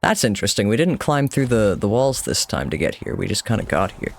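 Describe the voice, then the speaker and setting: A male streamer talks through his gameplay in a loose, chatty way, dry and self-mocking, with a mild curse here and there. His voice sits a little low and has a gravelly edge. The pitch moves around a lot as he reacts. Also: sing-song, a little fast, slight background noise. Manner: chatty, wry, self-deprecating, swears casually. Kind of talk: casual live-stream gameplay commentary.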